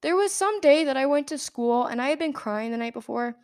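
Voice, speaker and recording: A woman's voice: high voice, lively intonation, brisk. A young adult woman hosting a podcast, telling a personal story in a rambling, casual way full of fillers and restarts. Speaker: podcast host.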